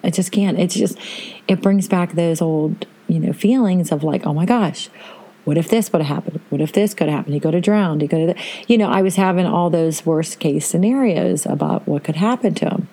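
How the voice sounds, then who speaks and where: A middle-aged woman hosting a podcast, telling a family vacation story in a chatty, animated way. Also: on the low side, moderate pace. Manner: chatty, animated retelling with quoted voices. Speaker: podcast host. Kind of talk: casual storytelling.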